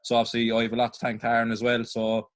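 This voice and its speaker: A young man with a Cork Irish accent thanks his friend with casual teasing and the local "boy." He talks fast in an even, flat pitch. His voice sounds dry and close to the mic. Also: no echo. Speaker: students' union officer. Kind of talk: casual thanks on a video call.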